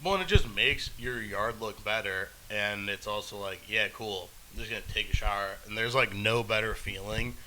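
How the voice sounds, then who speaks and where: Bright-voiced man in loose, profane chat. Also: lowish voice, normal speed, hardly any pauses, slight background noise, poor audio. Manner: loose, profane, rambling with frequent laughs. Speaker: podcast co-host. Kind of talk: casual chat.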